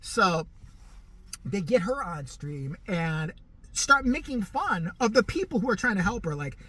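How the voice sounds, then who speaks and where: Man, commentary host, mocking, profane, lively pitch, bright tone. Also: measured pace. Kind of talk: sarcastic ranting commentary.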